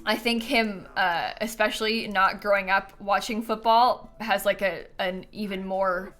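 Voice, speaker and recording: A woman's voice: mid-range voice, fairly even intonation, unhurried, fairly bright tone. A woman chatting casually on a live stream while she plays a life-sim game, giggling often and answering questions from chat.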